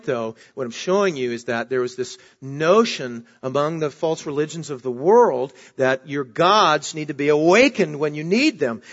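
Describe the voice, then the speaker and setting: A male pastor preaching a sermon in a conversational way, rising for emphasis on key phrases. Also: on the high side. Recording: dull lo-fi recording.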